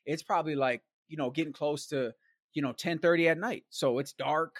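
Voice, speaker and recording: A fairly high-pitched male voice at normal speed, recorded in a studio with no echo. He's a guest telling a long story casually and with plenty of energy, drifting into slang asides and constantly using "like," "man" and "bro."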